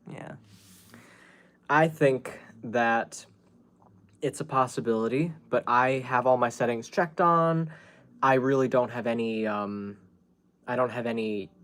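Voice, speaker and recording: A man's voice: mid-range voice, a bit bright. Rambling man chatting on a livestream. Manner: rambling, many fillers and restarts. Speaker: YouTube livestream host. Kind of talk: casual livestream chat.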